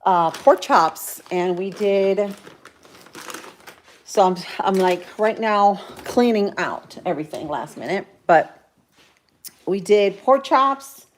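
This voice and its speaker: There's a little background noise behind this woman's mid-range voice. Chilled from the cold, the vlogger chats casually on her livestream, reading comments aloud and replying.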